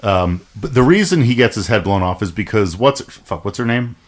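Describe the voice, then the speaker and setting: A man's voice: on the low side, animated, normal speed. A man co-hosting a casual movie podcast, joking and swearing as he recaps the plot. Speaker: podcast co-host.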